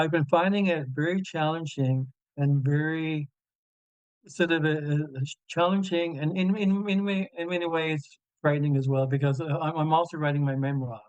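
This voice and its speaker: A man's voice: a little high, darkish tone, smooth, no room sound, dull audio. Stuttering older man, video call. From Newfoundland and Labrador, Canada. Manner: stutters openly with many repeated sounds and fillers. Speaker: guest speaker and radio show host. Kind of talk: conversational answer in an online Q&A.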